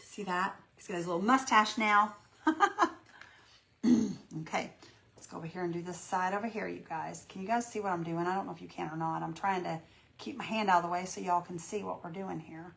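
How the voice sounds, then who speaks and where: A woman's voice: on the low side, fairly even intonation, fairly quick, vocal fry, fairly bright tone. A woman hosting a live painting demo, chatting in a folksy, encouraging way with her viewers. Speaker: craft tutorial host.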